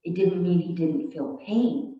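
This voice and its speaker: A female minister giving a sermon in a calm, deliberate way. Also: on the low side. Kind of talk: slow sermon. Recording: echoey, distant, dull sound.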